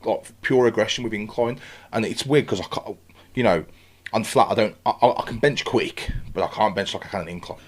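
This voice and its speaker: A man on a podcast, talking quickly in a fairly low voice. He tells his story with lively energy and drops into his own past voice to act out what he was thinking. He swears often and loosely, in a relaxed chat. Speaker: podcast guest. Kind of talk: casual podcast interview.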